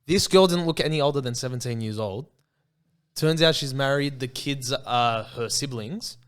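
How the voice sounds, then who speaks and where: A man's voice: mid-range voice, moderate pace, clear, resonant tone. A young Australian man co-hosting a podcast, telling a long rambling anecdote in a casual chat and saying "bro" often. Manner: rambling anecdote, peppered with "bro" and acted-out quotes. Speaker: podcast co-host.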